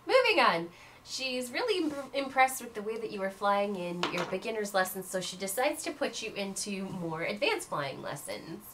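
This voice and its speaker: A woman narrating as game master in an animated storytelling manner. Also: medium pitch, moderate pace, noisy background.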